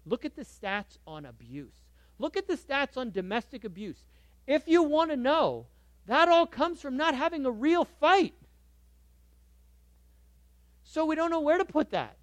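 Animated high-voiced male preacher. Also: moderate pace, no room sound. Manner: animated and emphatic, swinging from loud bursts to soft asides. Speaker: pastor. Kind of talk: sermon.

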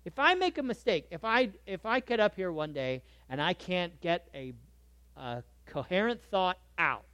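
A man preaching a sermon in a conversational way, moving between soft asides and lively emphasis. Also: high-pitched, normal speed, smooth, no room sound. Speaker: pastor.

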